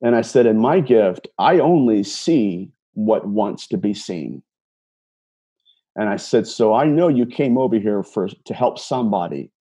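A man's voice: on the low side, sing-song, measured pace, mellow, slightly rough. A man telling a personal story in an earnest, casual way, recounting a conversation line by line with many repeated words and restarts. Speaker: self-described empath telling a personal story.

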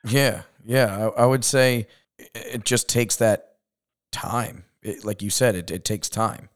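A man from Long Island hosting a casual podcast interview, chatty and upbeat, often trailing off quietly. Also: fairly low pitch, a little slow. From Long Island, New York. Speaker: podcast host.

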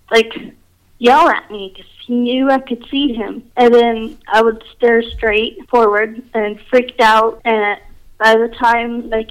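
Woman, casual storyteller, slightly high voice, loose and filler-heavy. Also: low-quality recording. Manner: rambling, filler-heavy, says "like" often.

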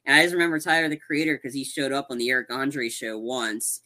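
A man's voice: medium pitch, quick pace, bright, forceful tone. A man co-hosting a podcast, rambling animatedly through a movie recap with many restarts. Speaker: podcast co-host. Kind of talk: casual chat recapping a movie.

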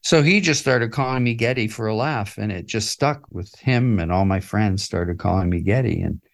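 In a relaxed interview, an older musician-author recalls earlier days in a fairly low voice with some vocal fry, keeping a moderate pace. His storytelling is reflective and peppered with chuckles, fillers and restarts.

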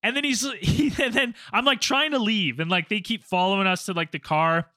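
A man with a notably high, bright voice tells a story in loose podcast chat. He rambles and fills his talk with "like". The sound is close and dry. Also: lively intonation, normal speed, dry recording. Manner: rambling, repeats "like" often.

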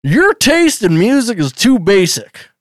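A man's voice: high-pitched, huge pitch swings, unhurried, no echo, clean studio sound, pitched above the performer's own voice, full character voice. A man doing a scolding, exasperated bandmate. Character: nagging, scolding male bandmate.

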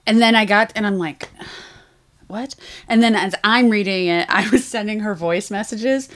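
A woman co-hosting a podcast in casual chat. She tells her stories with animation and acts out the lines she quotes. Her voice sits at a moderate middle pitch. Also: normal speed. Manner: animated storytelling, acting out quotes. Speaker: podcast co-host.

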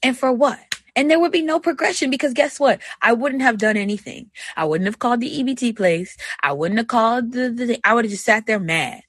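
Candid husky young woman. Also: on the high side, brisk, few pauses, dry recording. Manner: candid, conversational, swings between soft and animated. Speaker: podcast host. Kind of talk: personal reflective monologue.

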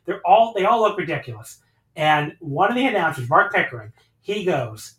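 Excitable swearing man, echoey room. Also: fairly high pitch, fast talker, far from the mic. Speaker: podcast host reviewing wrestling. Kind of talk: casual chat.

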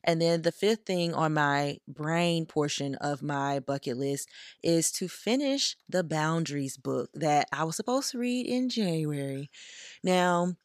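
Chatty young woman, low and dry. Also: expressive, a little slow, no room sound. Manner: chatty, playful, says "y'all" a lot. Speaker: podcast host. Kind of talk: casual solo chat.

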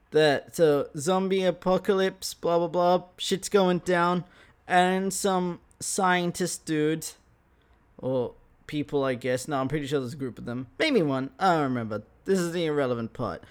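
Lively high-voiced man telling a story. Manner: animated, swearing, laughing often. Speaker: podcast host. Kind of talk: casual storytelling monologue.

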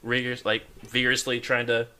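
A man narrating as the game master of a tabletop game, talking in an animated way with many fillers. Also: mid-range voice, brisk, clear, resonant tone.

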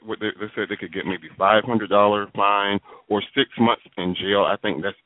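Low-voiced man on a tinny line. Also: fairly even intonation. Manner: measured, hesitant with fillers. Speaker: co-host. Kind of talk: casual chat. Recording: tinny phone-like sound.

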